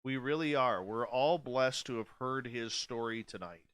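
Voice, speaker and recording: A man's voice: medium pitch, moderate pace, fairly bright tone, dry recording. A man in his forties hosting a radio show, speaking bluntly and candidly in a casual late-night monologue. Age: 40s. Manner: blunt, candid and profane, with many restarts.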